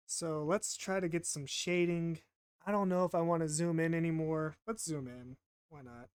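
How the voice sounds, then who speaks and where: A man's voice: fairly high pitch, normal speed, clear, resonant tone, no room sound, clean studio sound. A man casually narrating while he draws, rambling and self-deprecating, often stammering and repeating himself. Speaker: art vlogger.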